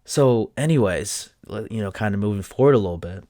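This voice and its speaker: A young man tells a personal story in a halting, emotional way, with many fillers and drops to a near-whisper. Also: fairly low pitch, lively intonation, warm tone, no echo, studio quality. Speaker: vlogger.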